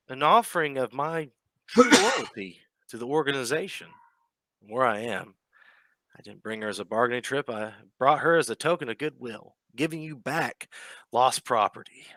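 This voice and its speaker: A man voicing a scheming police commissioner who smoothly tries to curry favor. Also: medium pitch, sharp tone, dry recording, pitched above the performer's own voice. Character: scheming middle-aged male police commissioner.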